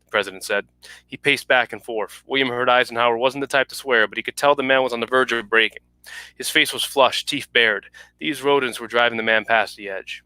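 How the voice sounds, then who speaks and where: Man, author reading fiction at an online launch, quick bright delivery. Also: medium pitch, clean tone, no room sound. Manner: brisk, clipped reading with small restarts. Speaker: author reading his story. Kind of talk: reading fiction aloud at a virtual book launch. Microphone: home video call mic.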